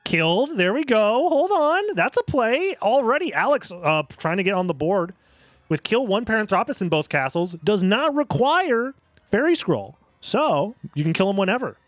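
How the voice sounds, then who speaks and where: A young man casually commentating a live video game tournament in a rambling, jokey, excitable way. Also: high voice, normal speed, no echo, soft background music.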